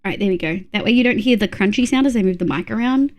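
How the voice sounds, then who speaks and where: A woman's voice: medium pitch, racing. An Australian woman chatting on a live stream, giggly and talkative as she reads her chat aloud.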